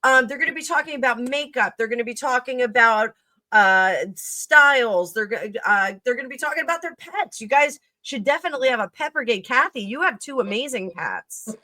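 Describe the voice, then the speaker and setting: Woman, tarot-reader host, chatty and rambling, bright tone, dry close mic. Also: a little high, expressive, a little fast, dry recording. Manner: chatty, rambling with many fillers and restarts. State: coughing at times. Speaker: tarot reader hosting a live stream. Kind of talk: casual live-stream chat.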